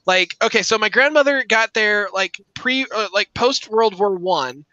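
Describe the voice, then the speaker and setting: A man's voice: sits high, lively intonation, measured pace, pushed and bright, no echo, dull audio. A man co-hosting a casual podcast chat, rambling and swearing, laughing often. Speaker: podcast co-host.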